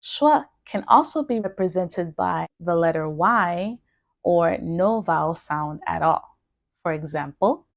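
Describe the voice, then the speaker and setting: A woman with an American accent teaching pronunciation, saying model words and sentences slowly and carefully. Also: mid-range voice, darkish tone, no echo, highs cut off. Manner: slow, careful, clearly articulated model words. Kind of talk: pronunciation lesson.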